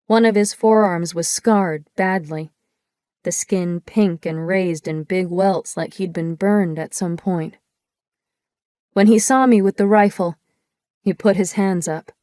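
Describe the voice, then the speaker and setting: A woman's voice: fairly low pitch, steady tone, mellow, smooth, no room sound. Woman narrating an audiobook, dry and close. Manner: measured, descriptive storytelling. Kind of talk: first-person audiobook narration.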